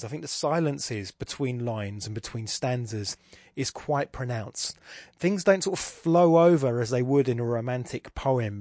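A man's voice: mid-range voice, darkish tone, dry recording, clean studio sound. Thoughtful Irish man musing on a poem. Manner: thinking aloud, many restarts and fillers. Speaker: podcast host. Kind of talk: casual spoken poetry analysis.

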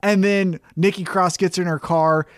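Man, podcast co-host, high voice, excitable, swears a lot, rambling, dry close sound. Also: moderate pace, no echo. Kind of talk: casual wrestling chat.

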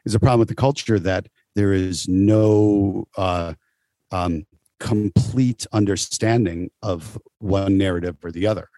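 A man on a podcast debating, measured and hesitant, with many fillers. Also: low voice, steady tone, warm tone, no echo. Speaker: podcast guest. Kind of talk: casual debate chat.

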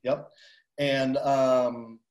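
A man co-hosting a radio food show, telling his stories with lively animation. His voice is at a middle pitch, and the recording carries a noticeable roomy echo. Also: extremely slow. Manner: animated storyteller. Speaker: radio show co-host and food tour guide. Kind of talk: casual radio chat.

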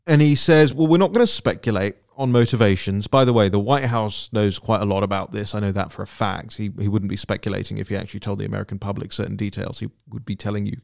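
Indignant low-voiced male podcast host. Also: steady tone, fast, gravelly, few pauses, no echo, studio quality. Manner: indignant, emphatic, repeats words for stress. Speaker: political commentary host. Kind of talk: solo political commentary podcast.

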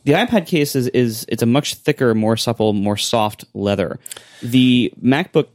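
A man with an ordinary mid-range voice talks on a podcast, pausing and searching for his words. His speech is casual and unhurried. The recording is dry and close. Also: mid-range voice, no echo.

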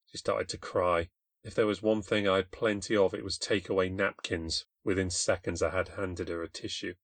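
British male narrator for a ghost story, low-pitched, dry booth sound, wry and confessional. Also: level tone, normal speed, fairly bright tone, dry recording. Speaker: podcast host and narrator. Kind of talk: scripted first-person storytelling.

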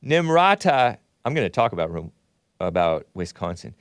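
A man's voice: fairly low pitch, very animated, moderate pace, dry recording, studio quality. A man from Southern California hosting a talk show, reading viewer messages aloud with wry, sardonic asides.

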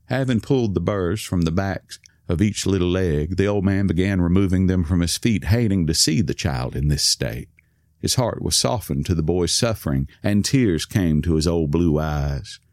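A man narrating a story in a calm, measured reading. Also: low-pitched, no echo, clean studio sound. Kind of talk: scripted narration.

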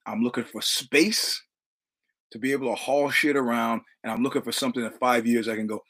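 A man's voice: medium pitch, steady tone, brisk, fairly bright tone. A man hosting a podcast, telling a casual story with profane, repetitive, punchy delivery. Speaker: podcast host.

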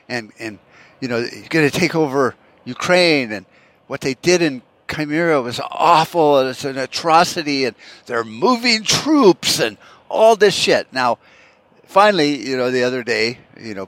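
A man's voice: mid-range voice, fairly bright tone. A man hosting a solo podcast rant, profane and rambling, full of fillers and restarts. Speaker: podcast host.

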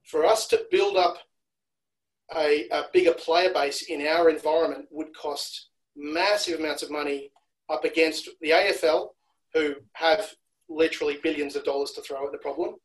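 A man's voice: a little high, steady tone, moderate pace, rough recording. A man from Australia talking as a rugby analyst guest on a podcast, explaining at length and repeating words as he restarts. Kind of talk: casual podcast chat.

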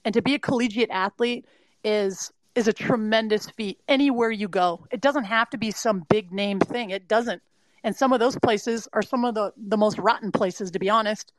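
A middle-aged woman from California, a mindset and performance adviser, gives earnest, emphatic advice to athletes as a motivational interview guest, filling her speech with "you know." Her mid-range voice moves at a moderate pace, and the audio is poor with no room sound.

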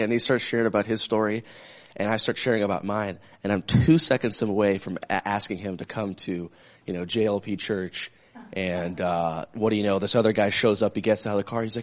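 A man casually telling a story in a church group, lively and acting out the phone calls he describes. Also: on the low side, a little fast. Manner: animated, acts out phone calls. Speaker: church small-group member.

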